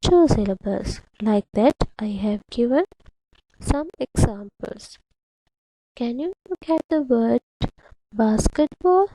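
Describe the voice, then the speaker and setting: A woman teacher speaks slowly and patiently to young pupils, sounding out words syllable by syllable. Her voice sits a little high, with a gravelly edge. The sound is dry and close, with a dark, mellow tone. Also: expressive, no echo, poor audio. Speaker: primary English teacher. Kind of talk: slow, deliberate classroom instruction to children.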